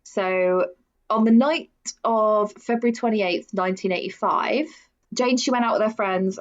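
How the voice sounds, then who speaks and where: A chatty woman co-hosting a true crime podcast, loose and conversational. Her pitch is middling, and the sound is a little dull and lo-fi. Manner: chatty, with frequent fillers and laughs. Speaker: podcast co-host.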